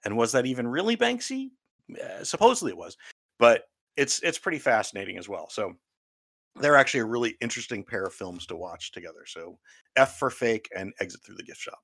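A man's voice: medium pitch, big pitch swings, a little fast, a bit bright, dry recording. Man, podcast co-host, rambling casual chat about movies, dry close sound. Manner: rambling, lots of fillers and restarts.

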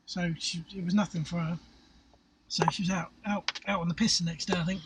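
A man's voice: high voice, level tone, fairly quick, distant mic, very noisy. A middle-aged Englishman telling crude, sweary stories and laughing in casual chat, recorded in a parked car. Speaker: podcast co-host.

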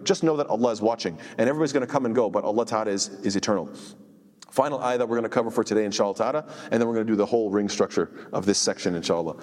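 A man explaining scripture in a lesson, emphatic and quick, often posing rhetorical questions to his listeners. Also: on the low side, a little mellow, big-room sound. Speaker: Quran teacher.

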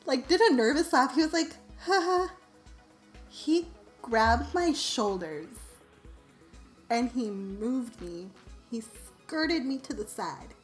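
A young woman telling a story on her vlog in a casual, animated, self-mocking way, full of "like". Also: a little high. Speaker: vlogger.

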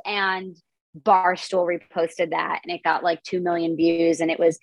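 A woman's voice: on the low side, level tone, measured pace, vocal fry, dry recording, low-quality recording. A woman in her twenties, a comedian, chatting casually and upbeat in a podcast interview, full of filler words. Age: 20s. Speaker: comedian and content creator, guest.

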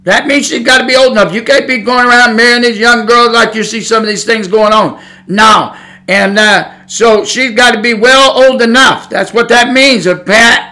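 A man's voice: high-pitched, normal speed, pushed and bright. A middle-aged man preaching as a Pentecostal pastor, blunt and folksy, hammering home his points in a sermon.

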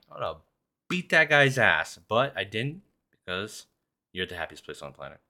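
Deep-voiced, profane man rambling casually. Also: sing-song, fairly quick, pushed and bright. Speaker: podcast host. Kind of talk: casual solo podcast chat.

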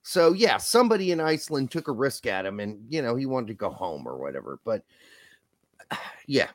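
Lively, blunt man co-hosting a livestream. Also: medium pitch, normal speed, dry recording. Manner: blunt, profane, joking. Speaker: podcast co-host. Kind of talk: casual livestream chat.

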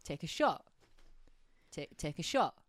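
A man's voice: a little high, sing-song, measured pace, fairly bright tone, dry recording. Teasing man on a podcast. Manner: joking and teasing. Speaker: podcast co-host. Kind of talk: casual chat.

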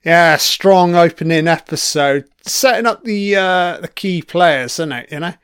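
A man talks over an episode in loose, sweary commentary, reacting to each scene as it plays. His voice sits a little high and clear, with a slow, easy delivery. The recording is close and dry. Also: animated, fairly bright tone, no echo. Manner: sweary, chatty, reacting to the screen. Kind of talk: casual film commentary.

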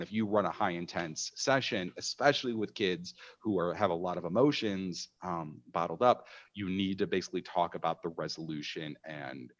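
A man with a deep, low voice tells a long anecdote about running a game for kids. He talks in an animated, emphatic way, full of fillers and restarts, as in a casual panel chat. The sound is somewhat dull and lo-fi. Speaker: game master telling a story.

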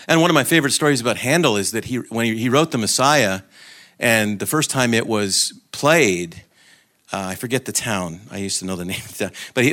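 A man's voice: on the low side, fairly bright tone. A man giving an informal talk to a group, telling anecdotes and joking, with frequent restarts. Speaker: guest speaker.

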